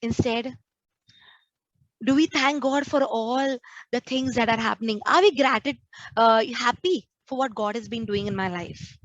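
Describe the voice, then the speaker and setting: A woman's voice: a little high, moderate pace, no echo, lo-fi sound. A woman, a nun preaching a sermon to a prayer group and acting out the complaints she quotes. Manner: earnest, acts out quoted complaints.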